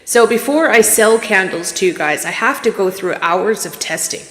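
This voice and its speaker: Woman medium from Canada, mid pitch, rambling and emotional; casual livestream, roomy reverb. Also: lively intonation, normal speed. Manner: rambling, candid, emotional, restarts. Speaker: psychic medium streamer. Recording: echoey room with long reverb.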